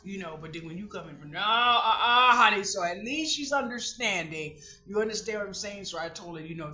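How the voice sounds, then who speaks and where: Woman, vlogger, casual storytelling, animated, bright tone, dull lo-fi roomy recording. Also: deep voice. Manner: animated, exclaims and laughs mid-story.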